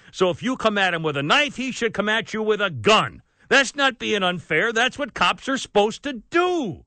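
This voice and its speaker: A man's voice: sits high, very animated, moderate pace, hardly any pauses, bright, forceful tone, dry recording. A man hosting a talk radio show, ranting in an exasperated, worked-up way and saying he is sweating. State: sweating, overheated. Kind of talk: opinionated talk radio rant.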